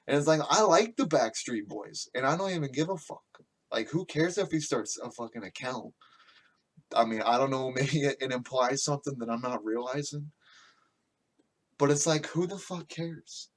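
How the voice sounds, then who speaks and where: A man's voice: medium pitch, expressive, normal speed, pushed and bright. Profane ranting man on a podcast. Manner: crude, profane, mocking, ranting. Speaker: podcast host. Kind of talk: casual podcast rant.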